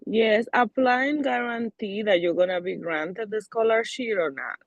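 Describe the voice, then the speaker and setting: A woman's voice: medium pitch, measured pace, highs cut off. A woman applying for a scholarship who asks a question on a video call, hesitant and searching for words.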